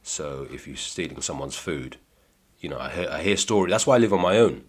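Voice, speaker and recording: A man guesting on a podcast, telling dry, deadpan comic stories in a casual chat. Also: extremely low pitch, fairly quick, husky. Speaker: comedian guest.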